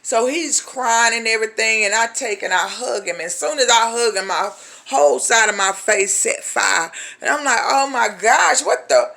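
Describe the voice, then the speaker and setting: A woman's voice: on the high side, normal speed, vocal fry, pushed and bright. A woman from a ministry giving personal testimony in an emphatic, colloquial way, addressing listeners as "honey" and acting out the voices of the people in her story.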